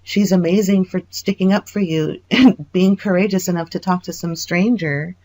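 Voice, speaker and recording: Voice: mid-range voice, steady tone, moderate pace, a little mellow. Earnest, reassuring person on a call. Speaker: caller. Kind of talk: private phone call.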